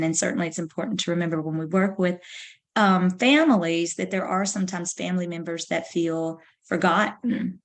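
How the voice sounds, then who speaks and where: A woman lecturing in an easy, conversational way, wandering into stories and doubling back with ums and restarts. Her voice sits a little low for a woman, and she talks at an ordinary clip. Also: animated, normal speed. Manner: conversational, anecdotal, with fillers. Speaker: counselor education lecturer. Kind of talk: recorded webinar lecture.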